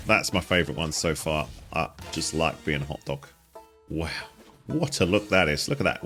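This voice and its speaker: A man's voice: low voice, animated, moderate pace, bright, forceful tone, faint music behind. A man giving casual commentary on a game he is playing, chatty and easily delighted, with frequent exclamations. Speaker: gaming guide host.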